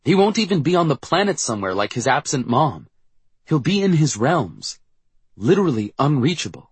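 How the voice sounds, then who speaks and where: A man's voice: a little high, very animated, normal speed, husky, dry recording. A man narrating a first-person audiobook in a wry, reflective storytelling manner.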